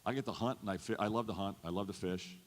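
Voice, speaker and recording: A man's voice: fairly low pitch, fast. Folksy man speaking in an echoing hall. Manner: folksy, earnest, repeats himself. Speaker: state governor. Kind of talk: stump speech to a chamber audience. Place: large event hall. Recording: long hall reverb.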